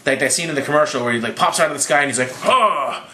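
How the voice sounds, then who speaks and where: A slightly drunk young man rambling through a profane, casual movie recap with quick impressions. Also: medium pitch, sharp tone, echoey room, slight background noise. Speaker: movie reviewer.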